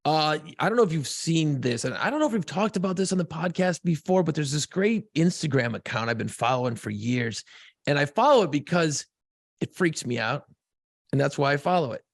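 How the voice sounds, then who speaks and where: A man co-hosting a podcast, telling a profane, excitable story in casual chat. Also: on the high side, fairly quick, dry recording, clean studio sound. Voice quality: gravelly, husky voice. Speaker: podcast co-host.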